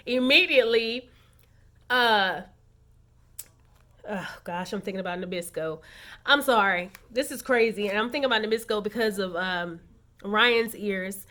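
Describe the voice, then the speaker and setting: A woman giving a sassy, animated casual recap of a reality show to her viewers. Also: mid-range voice, a little slow, long pauses. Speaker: recap vlogger.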